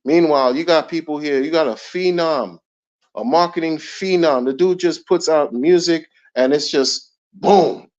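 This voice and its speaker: A man's voice: a little high, measured pace, a little mellow. A middle-aged man ranting in casual commentary, emphatic and slangy, repeating his points. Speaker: commentary channel host. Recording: dull lo-fi recording.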